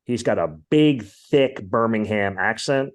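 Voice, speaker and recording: A man's voice: lowish voice, lively intonation, a little slow. A man hosting a podcast, chatting casually about music in an opinionated, rambling way full of fillers. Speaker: podcast host.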